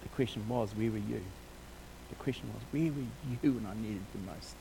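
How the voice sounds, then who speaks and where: A man preaching a sermon with passion, moving between quiet reflection and loud, emphatic declarations, with casual asides. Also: fairly low pitch, a little fast, creaky, slight background noise. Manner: informal, scattered with casual asides.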